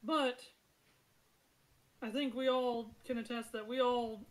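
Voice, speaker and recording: A woman's voice: fairly high pitch, fairly even intonation, takes it slowly, poor audio. A woman voicing a humble older male farmer who gives an earnest, slightly sentimental speech.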